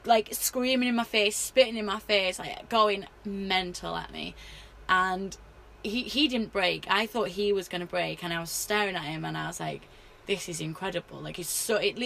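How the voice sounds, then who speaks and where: A woman with a slightly low voice, chatting in an interview. She tells her stories animatedly, with plenty of fillers. A faint hiss sits under the recording. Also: creaky. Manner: animated storyteller, many fillers. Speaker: wrestler. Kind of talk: casual interview chat.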